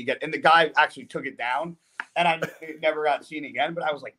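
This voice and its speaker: A man, a bodybuilder guest on a podcast, telling a story in a casual, profane, animated way. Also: fairly high pitch, quick pace.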